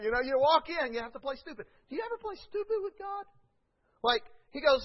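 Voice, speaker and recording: Animated high-voiced preacher, lo-fi. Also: male voice, fairly quick. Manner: animated, swinging from hushed to shouting. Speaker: pastor. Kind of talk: sermon. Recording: dull lo-fi recording.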